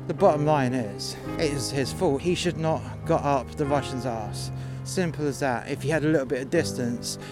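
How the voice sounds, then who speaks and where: A man telling a work story in a blunt, mocking, profane way. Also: a little high. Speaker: podcast storyteller. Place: outdoors in freezing cold.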